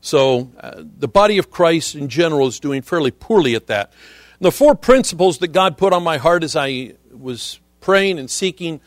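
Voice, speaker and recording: A middle-aged man preaching a sermon as a visiting missionary, earnest and measured, often quoting scripture. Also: a little high, expressive, dry recording, studio quality.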